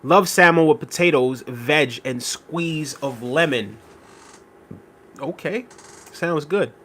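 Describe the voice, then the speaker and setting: A man's voice: a little high, slow pace, sharp tone. A man hosting a casual live stream, reading viewer comments aloud and thanking them by name. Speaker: livestream host reading chat.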